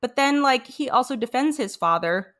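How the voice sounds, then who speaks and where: A woman's voice: sits high, lively intonation, moderate pace, fairly bright tone. A woman co-hosting a podcast, talking through an episode in thoughtful casual chat and reading quotes aloud. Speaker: podcast co-host.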